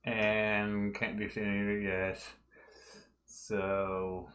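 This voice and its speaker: A man's voice: fairly low pitch, little pitch movement, slow pace, a bit bright, roomy sound, slight background noise. A man casually livestreaming as he draws, talking through his work step by step and thinking aloud, at home. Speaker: livestreaming fan artist. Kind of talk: casual livestream commentary while drawing. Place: room at home.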